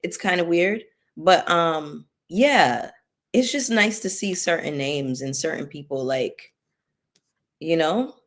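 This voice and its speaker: A woman hosting a YouTube commentary livestream chats casually with viewers, thanking them by name, with features. Her voice is deep and animated, and she speaks at a slow pace.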